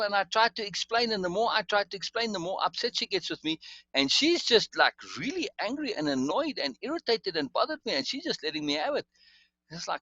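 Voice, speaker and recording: A man's voice: high voice, big pitch swings, brisk, bright, forceful tone, no room sound, highs cut off. A man telling a long personal story in casual conversation, rambling with restarts and asides. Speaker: guest storyteller.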